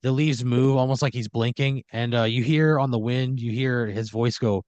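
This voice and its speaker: A man spins an improvised horror comedy story in the second person, sprinkling his narration with "like." His voice sits at a middling pitch, and the recording is dry and close. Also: fairly even intonation, moderate pace, hardly any pauses, darkish tone, no room sound, lo-fi sound. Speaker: podcast host, storyteller.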